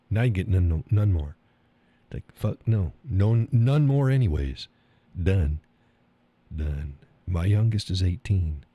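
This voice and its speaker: Crude, tired older man rambling slowly. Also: on the low side, warm tone, breathy edge, no echo. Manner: crude, rambling, reads chat aloud, laughs often. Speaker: live stream host. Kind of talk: casual live-stream chat.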